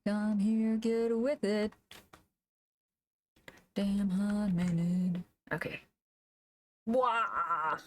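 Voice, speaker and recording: A woman streamer chatting casually while she draws, thinking aloud, humming to herself and laughing softly, into a desk microphone. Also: mid-range voice, fairly even intonation, extremely slow, pauses often. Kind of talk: casual live-stream chat while drawing.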